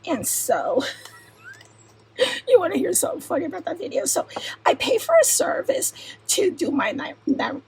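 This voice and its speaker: A middle-aged woman chatting casually while unboxing crafts, talking softly in a half-whisper and giggling often. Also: very high-pitched, wildly swooping pitch, normal speed, long pauses, poor audio. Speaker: crafting vlogger.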